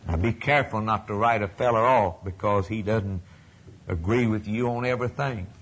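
A man preaching a sermon in a folksy, repetitive way, swinging from loud declarations to hushed near-whispers. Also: on the low side, normal speed, a little hiss or hum.

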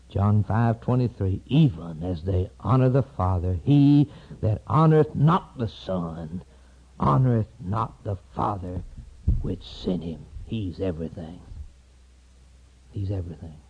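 A man preaching an impassioned sermon, rising to high cries and dropping to hushed, low tones. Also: lively intonation, measured pace, vocal fry, husky, muffled recording.

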